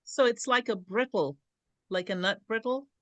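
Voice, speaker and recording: A woman's voice: mid-range voice, moderate pace, a bit bright, dry recording. A woman host interviewing a guest, prompting her with short questions and directions. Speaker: host and coach. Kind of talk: casual interview.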